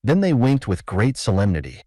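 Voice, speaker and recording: A man reading a classic short story aloud as narrator, in a measured, expressive way. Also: on the low side, no echo, studio quality.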